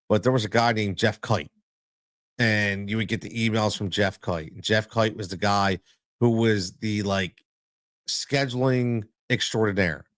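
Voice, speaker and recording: A man's voice: on the low side, no room sound, studio quality. A man hosting a solo sports podcast as a coach, talking emphatically and repeating his points for stress.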